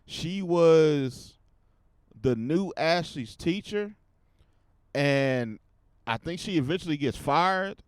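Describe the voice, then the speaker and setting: A man hosting his own podcast, giving casual commentary in a profane, animated rant. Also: on the high side, takes it slowly, pauses often, smooth, no room sound, studio quality. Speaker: podcast host.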